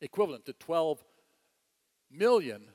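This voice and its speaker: A man preaching a sermon, telling a story with animated delivery, chuckling and repeating phrases. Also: fairly high pitch, unhurried, in a large hall.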